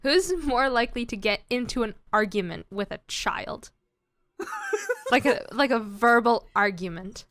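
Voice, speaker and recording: Young woman hosting a comedy podcast, kinda high voice, rambly and giggly, lots of likes and uhs. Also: unhurried, a bit bright, dry recording. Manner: rambling storyteller, giggly, full of fillers. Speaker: podcast host. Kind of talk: casual comedy podcast chat.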